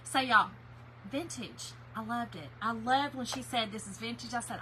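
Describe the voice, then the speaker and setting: Woman, craft stream host, high and very bright, chatty, calls out viewers by name, faint room noise. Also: normal speed. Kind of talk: casual livestream chat.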